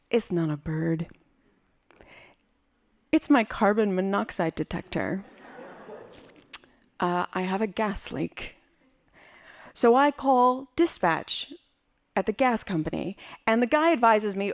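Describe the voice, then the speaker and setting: A woman's voice: mid-range voice, animated, a little slow, long pauses. A woman performing a personal story on stage, wry, vivid and theatrical. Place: library auditorium stage.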